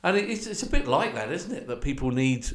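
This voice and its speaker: A man's voice: mid-range voice, big pitch swings. Agreeable man in an echoey room. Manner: eager agreement, quick interjections. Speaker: podcast co-host. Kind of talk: casual discussion.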